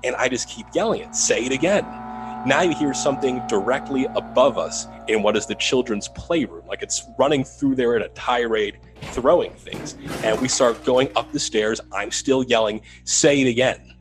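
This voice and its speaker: A man who works as a paranormal investigator, telling the story of a haunting in an animated, building way in an interview. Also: mid-range voice, moderate pace, hardly any pauses, over music, rough recording. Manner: animated retelling, rising to loud urgency.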